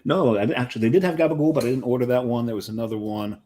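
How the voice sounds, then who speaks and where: A man's voice: mid-range voice, very fast, mellow. A man, co-hosting a casual chat, joking and laughing often. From New Jersey. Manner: laughs often, jokes, mimics deli orders. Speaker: co-host.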